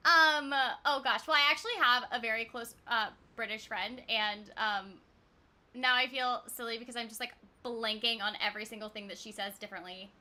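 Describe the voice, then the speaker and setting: A woman's voice: fairly high pitch, fairly even intonation, moderate pace, sharp tone. A woman voice actor chatting casually while streaming a game, giggly and full of "like"s. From United States. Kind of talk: casual chat while playing.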